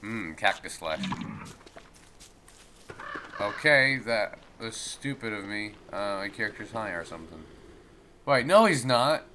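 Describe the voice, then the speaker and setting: A man from the United States rambling goofily through let's play commentary, his voice going hoarse. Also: on the low side, lively intonation, normal speed, sharp tone, a little hiss or hum. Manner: rambling, goofy, talks to the game. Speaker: gameplay commentator.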